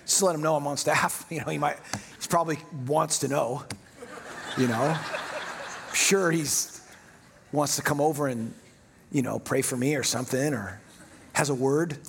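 A middle-aged man preaching a sermon, telling self-mocking stories in an animated way. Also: on the high side, moderate pace, vocal fry, pauses often, slight background noise. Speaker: pastor. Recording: long hall reverb.

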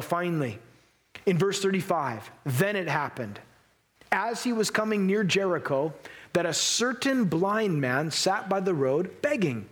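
A man's voice: sits high, husky. A man preaching a sermon in an earnest, emphatic way, acting out Bible scenes as he goes. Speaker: pastor.

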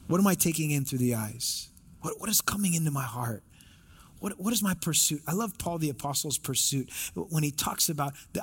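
High-voiced man preaching emphatically. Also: expressive, fairly quick, slightly rough. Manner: emphatic preaching with repeated phrases and rhetorical questions. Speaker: pastor. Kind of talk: sermon.

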